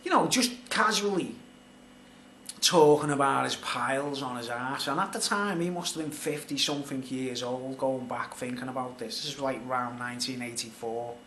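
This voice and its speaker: A middle-aged vlogger tells a rambling personal story in a casual, conversational video, his speech packed with fillers like "like" and "you know." His mid-range voice is a bit bright and moves at normal speed. The recording has a roomy echo and faint background noise.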